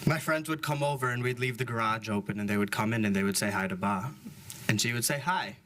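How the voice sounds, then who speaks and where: A young man speaks candidly as he gives a eulogy for his grandmother, in plain speech with fillers and a middling pitch. The recording is made live at the service, with steady background noise. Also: fast. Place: funeral service.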